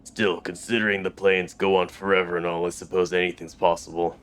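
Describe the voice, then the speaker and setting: Male actor voicing a gruff, folksy local in a computer game, deep monotone, smooth clear tone. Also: a little fast. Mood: weary folksy. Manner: folksy, drawling dialect. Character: gruff plain-spoken male city local.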